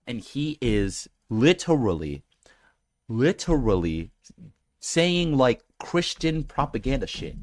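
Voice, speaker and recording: A man's voice: mid-range voice, sing-song, moderate pace, no room sound, studio quality. A man hosting his own channel, rambling through a casual rant with many fillers and restarts, sounding exasperated and incredulous. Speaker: channel host. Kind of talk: casual rant reacting to comments.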